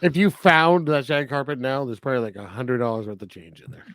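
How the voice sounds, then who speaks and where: A man's voice: mid-range voice, fairly quick, no room sound. A man co-hosting a podcast, chatting casually about a movie, laughing and acting out scenes. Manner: animated, laughs and acts out characters. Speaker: podcast co-host. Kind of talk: casual film review chat.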